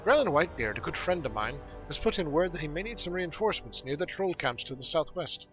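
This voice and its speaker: A man voicing a busy, gruff male dwarf quartermaster from a game, in a put-on dwarf brogue. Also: a little high, animated, fast talker, highs cut off, music in the background, voice pushed up, lightly acted.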